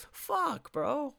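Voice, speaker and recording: A young man rants over news items, swearing freely and sounding exasperated. His pitch swings widely as he reacts, and he breaks into laughter often. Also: creaky, pushed and bright. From United States. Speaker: vlogger. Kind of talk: ranting news commentary.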